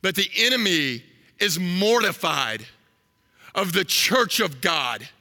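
A man in his thirties preaching a sermon, telling a story with animated energy and asking the crowd questions. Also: sits high, slow, long reverb tail.

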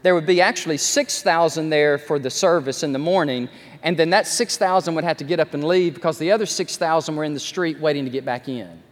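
A male pastor, his voice pitched a little high for a man. He preaches animatedly, with joking asides about himself. The sound rings with the long reverb of a large sanctuary. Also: brisk. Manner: animated storytelling, self-deprecating asides. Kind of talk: sermon.

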